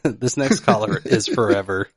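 A man's voice: lowish voice, moderate pace, dry recording, clean studio sound. A man co-hosting a podcast in casual, joking chat. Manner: playful, joking. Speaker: podcast co-host.

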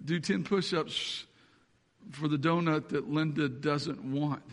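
Man playing stern professor, deliberate, high-pitched, reverberant hall. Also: fairly even intonation. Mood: firm. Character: stern steady male college professor.

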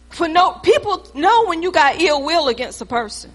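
Woman, middle-aged, preacher, sermon, emphatic, high voice. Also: very animated, unhurried. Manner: emphatic, conversational preaching with calls to the congregation.

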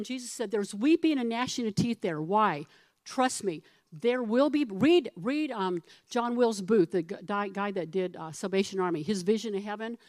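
Speaking at a medium pitch with no room sound, this middle-aged female pastor preaches in a lively, chatty manner. She quizzes her listeners and acts out the voices of people in the stories she tells.

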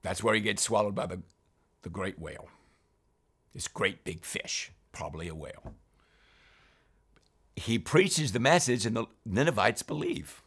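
A man's voice: fairly low pitch, a bit bright, husky. A man reading scripture aloud and explaining it in a devotional Bible teaching, reading verses and then reflecting on them. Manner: reads verses then explains them, often saying "remember".

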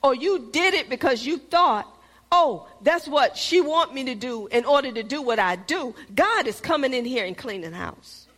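A middle-aged woman pastor preaches a sermon in a fairly high voice, animated and at normal speed. She calls out to the congregation, swinging between firm, raised emphasis and hushed whispers.

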